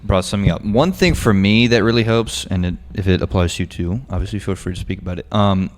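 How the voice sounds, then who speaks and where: A man's voice: low-pitched, fast. A young man co-hosting a podcast, speaking casually and hesitantly, full of fillers and trailing thoughts. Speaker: podcast co-host. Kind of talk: casual chat.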